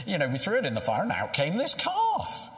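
A preacher putting on an evasive excuse-maker. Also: male voice, on the high side, wildly swooping pitch, a little fast. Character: evasive man making lame excuses. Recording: echoey hall.

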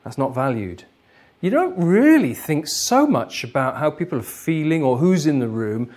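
Lively male workshop lecturer. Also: fairly high pitch, moderate pace. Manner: lively, explanatory, laughs easily. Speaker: lecturer, trainer.

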